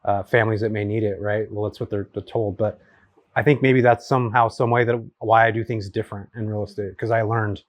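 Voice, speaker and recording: A man in his forties from California, a guest telling stories at his home in a casual chat, rapid and full of fillers. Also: on the low side, no echo. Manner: rapid, animated storyteller with many fillers. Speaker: guest, real estate investor.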